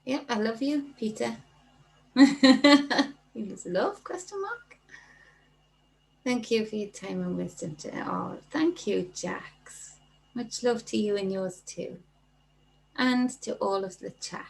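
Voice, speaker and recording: A woman hosting a casual livestream, chatting warmly and reading viewer comments aloud. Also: a little high, lively intonation, slow, creaky, pauses often, a little hiss or hum, poor audio. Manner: chatty, reads viewer comments aloud and thanks them by name. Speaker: livestream host.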